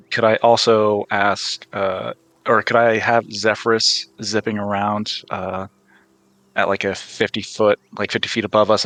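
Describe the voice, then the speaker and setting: A man's voice: on the low side, fairly bright tone, no echo, poor audio. A man describing his character in a tabletop game, hesitant and full of restarts. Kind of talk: casual role-play narration.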